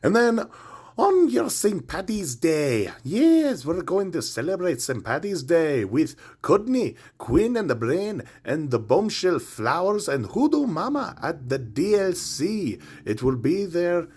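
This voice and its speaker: A man's voice: a little high, sing-song, takes it slowly, darkish tone, husky, pitched above the performer's own voice, exaggerated voice. A man putting on a jolly, exaggerated mock Irish accent to announce a holiday show lineup. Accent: put-on Irish.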